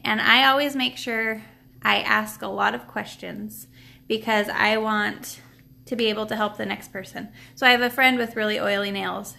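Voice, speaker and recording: A pushed, bright voice on the high side with vocal fry belongs to a live stream host who sells nail products. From a table at home she gives a casual tutorial, chatty and rambling with plenty of restarts and fillers, and slightly breathless.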